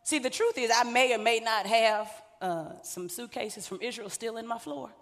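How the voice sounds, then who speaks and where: A woman's voice: a little high, normal speed. A woman pastor, preaching a sermon in a conversational way, with joking asides to the congregation. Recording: long hall reverb.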